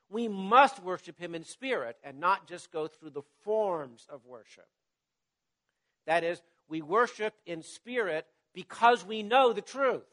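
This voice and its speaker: Slow, high-voiced male preacher. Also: bright, forceful tone. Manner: measured, emphatic, trailing off at phrase ends. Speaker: pastor. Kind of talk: sermon with scripture reading.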